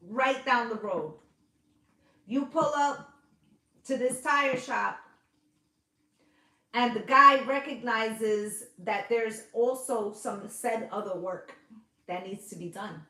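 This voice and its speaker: Slightly high and sharp in tone, this woman's voice leads a casual, chatty tarot reading. She coaxes her listeners, swears freely, and keeps checking in with them as an intuitive reader, all in a roomy, echoing space.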